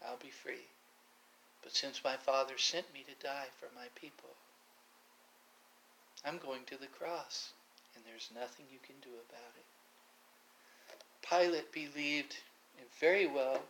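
A middle-aged male pastor preaching a sermon, building to loud impassioned passages with frequent restarts. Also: fairly high pitch, slight background noise, poor audio.

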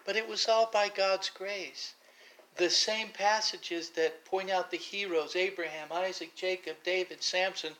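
A middle-aged male pastor preaching a sermon, building to loud impassioned passages with frequent restarts. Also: sits high, steady tone, a little slow, poor audio.

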